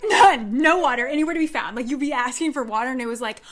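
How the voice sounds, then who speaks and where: A woman co-hosting a podcast, telling stories in a casual, animated way with lots of fillers. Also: sits high, fast talker. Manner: animated, expressive storytelling with lots of "like". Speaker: podcast co-host. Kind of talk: casual chat.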